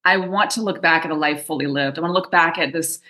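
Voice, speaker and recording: Woman coach, interview guest, bright lower-pitched voice, earnest storytelling. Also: fast talker. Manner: earnest storytelling with frequent fillers. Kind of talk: conversational interview.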